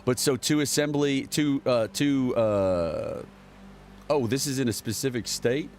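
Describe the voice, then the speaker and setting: A man's voice: medium pitch, measured pace, a little mellow, slight background noise. A man giving casual, sarcastic political commentary, rambling and reading headlines aloud as a show host.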